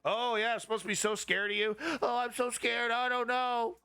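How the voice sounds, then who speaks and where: A man's voice: very high-pitched, steady tone, moderate pace, bright, forceful tone, clear, resonant tone, faint music behind, pitched above the performer's own voice, exaggerated voice. A man putting on the voice of a whiny, cowardly older male politician, mocking him in a simpering sing-song whine.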